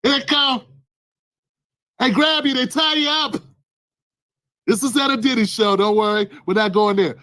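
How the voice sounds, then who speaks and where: Animated man ranting in a high voice. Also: normal speed, pauses often, no room sound, poor audio. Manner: animated, acts out scenes with loud exclamations. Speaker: political commentary vlogger. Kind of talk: ranting commentary vlog.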